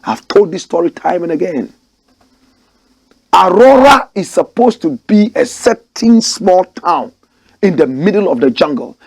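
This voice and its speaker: A man's voice: high voice, lively intonation, unhurried, breathy edge, no room sound. A man from Ghana, telling a story and preaching opinions directly to his listeners. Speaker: commentator and host. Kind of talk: passionate storytelling commentary.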